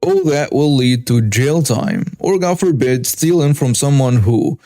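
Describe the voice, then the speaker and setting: A man narrating a story, voicing a young woman speaking in a refined, unnervingly calm tone. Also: mid-range voice, slow pace, dry recording, natural voice.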